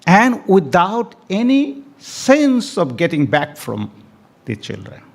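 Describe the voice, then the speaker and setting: A man addresses an event audience, dwelling slowly on each point and leaning into key words. His voice is gravelly and slightly high, and it rises and falls widely as he repeats phrases for emphasis. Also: wildly swooping pitch. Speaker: speaker at a family day event. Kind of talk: speech to an audience. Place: event hall.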